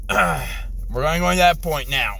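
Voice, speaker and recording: A middle-aged man, an army veteran, in an angry, profane rant from his car, exasperated, his voice jumping high when he yells. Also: measured pace, vocal fry, low-quality recording. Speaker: ranting vlogger, army veteran.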